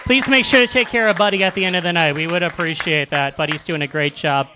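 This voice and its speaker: A man's voice: a little high, fast, background noise. A man hosting a live comedy roast in a club, bantering with the crowd and mocking what he reads aloud. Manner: sarcastic, mock-reading lines aloud. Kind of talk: stand-up banter with the audience.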